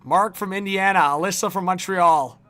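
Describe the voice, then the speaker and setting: A man's voice: sits high, moderate pace, sharp tone. Upbeat man reading out live chat. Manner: upbeat, rattles off viewer names, laughs often. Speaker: live stream host.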